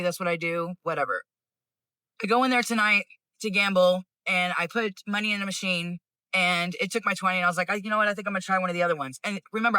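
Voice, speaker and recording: A man rattles off a rambling story at high speed, his voice high-pitched, bright and crisp. The sound is close and dry with no room around it. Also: dry recording. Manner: fast, rambling anecdote. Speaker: server. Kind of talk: casual vent to camera.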